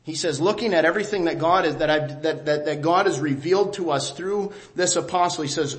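A man preaching a sermon as pastor, talking conversationally, asking rhetorical questions, his voice dropping low and quiet at the ends of phrases. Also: a little fast, hardly any pauses.

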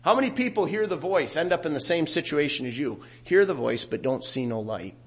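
A middle-aged pastor delivers a sermon with a slightly raised pitch. He talks it through conversationally, then climbs in volume and intensity whenever he quotes scripture. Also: a little fast. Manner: animated preaching, rising loud on scripture quotes.

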